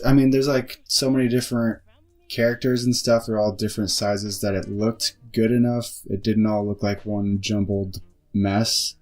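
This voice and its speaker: A man co-hosting a movie podcast, sharing his opinions in an easygoing, casual way. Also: fairly low pitch. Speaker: podcast co-host. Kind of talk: casual movie review chat.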